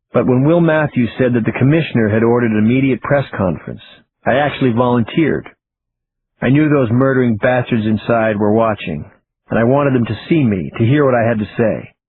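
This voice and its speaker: A man narrating an audiobook in a steady, even storytelling voice. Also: mid-range voice. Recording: tinny phone-like audio with faint hiss.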